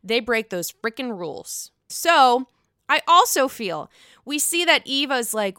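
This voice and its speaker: A woman's voice: high-pitched, big pitch swings, unhurried, bright, forceful tone, clean tone, no room sound, clean studio sound. A young woman giving a sassy, gossipy recap of a reality show in casual chat, swearing freely and acting out what the cast said.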